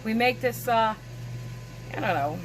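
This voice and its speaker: A woman's voice: on the high side, a little slow. A woman vlogging casually to camera from her home kitchen, chatting and rambling to her viewers as she shows a cooking demo. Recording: steady background noise.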